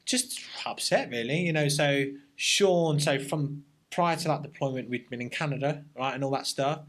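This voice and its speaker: Army veteran, reflective storyteller. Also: male voice, medium pitch, fairly bright tone. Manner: reflective, army slang, halting restarts. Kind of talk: casual interview storytelling.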